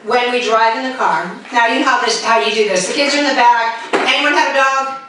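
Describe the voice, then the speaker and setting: A woman in her fifties doing stand-up comedy with brash, self-mocking punchlines and quick asides to the crowd, recorded from afar in an echoey club. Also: fairly high pitch, background noise. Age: 50s. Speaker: stand-up comic. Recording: echoey room from far off.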